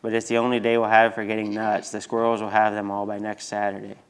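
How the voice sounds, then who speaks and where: A man reading as a mischievous boy, flat and low. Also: quick pace, clean tone, natural voice. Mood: apologetic. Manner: plain storybook reading.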